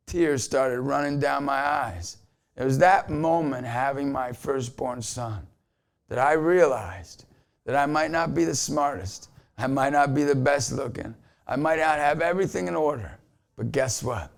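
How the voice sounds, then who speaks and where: A man's voice: medium pitch, animated, unhurried, gravelly. A man in his forties, a Christian motivational speaker, giving an emphatic inspirational talk to camera in a conversational way. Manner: emphatic, repeats a catchphrase, conversational.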